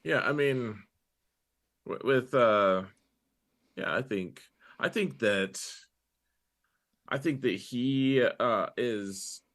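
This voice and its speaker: A young man co-hosting a podcast, rambling in casual chat and recounting scenes with quick quoted lines. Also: mid-range voice, a bit bright. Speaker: podcast co-host.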